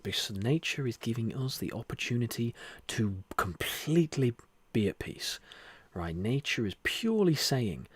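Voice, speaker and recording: A man's voice: mid-range voice, slightly rough. Earnest man hosting a meditation livestream. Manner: earnest, repetitive, soft-spoken. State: whispering softly. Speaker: livestream host. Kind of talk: spiritual livestream talk and guided meditation. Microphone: close microphone.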